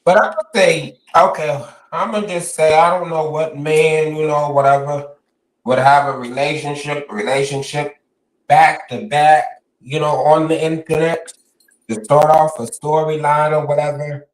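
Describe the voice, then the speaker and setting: A man's voice: fairly high pitch, fairly even intonation, normal speed. A man rambling in a laid-back way as a guest in a casual live-stream chat. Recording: echoey, distant from the mic.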